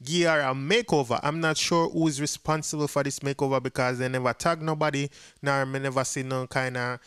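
A man's voice: medium pitch, fairly even intonation, fairly quick, fairly bright tone, smooth, dry recording, studio quality. A man with a Jamaican accent giving a casual commentary to viewers, chatty and mixing patois with English. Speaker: dancehall gossip vlogger.

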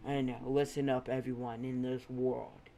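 A man voicing a brooding, smug teenage vigilante in a bat suit, speaking loud, slow and menacing. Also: medium pitch. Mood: threatening.

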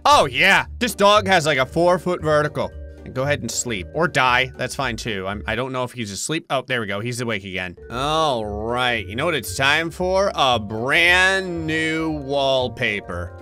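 A man giving comedic gameplay commentary, making wry jokes with sudden high-pitched outbursts. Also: animated, normal speed, pushed and bright, faint music behind. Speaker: gaming channel host.

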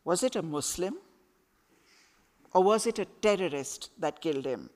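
A woman reading aloud voices a calm but firm teenage boy who speaks low and earnestly. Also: normal speed, natural voice. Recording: echoey hall with long reverb.

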